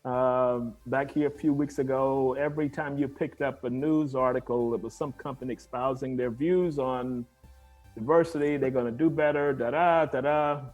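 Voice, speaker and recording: A man hosting an interview over a video call, relaxed and affirming with short replies. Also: mid-range voice, normal speed, soft background music. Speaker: interview host. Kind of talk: conversational interview.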